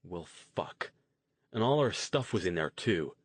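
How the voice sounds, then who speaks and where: A man's voice: sits low, animated, unhurried, breathy edge, dry recording, heavily acted. A man doing a blunt, weary young guy. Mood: dejected.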